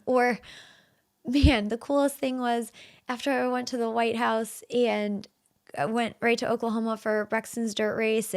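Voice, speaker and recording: A woman in her thirties hosting a solo podcast, talking in an earnest, emotional way with many fillers and restarts. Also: fairly high pitch. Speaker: podcast host.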